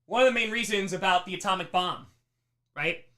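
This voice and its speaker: A man teaching a live history lesson on a stream, emphatic and animated, slipping into mocking voices. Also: sits high, brisk. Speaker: history teacher on a charity livestream.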